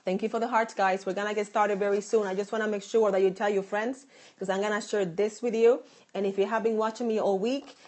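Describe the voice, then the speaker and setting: With a mid-range, somewhat mellow voice, a Dominican Republic-born woman in her late thirties who speaks with a Boston accent runs a live phone stream as host and stylist. Though her throat is sore, she stays bubbly and effusive, thanking viewers as she reads their comments.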